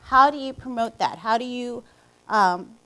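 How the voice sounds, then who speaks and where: A woman's voice: a little high, measured pace, a bit bright, poor audio. A woman presenting to teachers in a conversational way and setting them a partner task. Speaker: literacy presenter. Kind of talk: professional development talk.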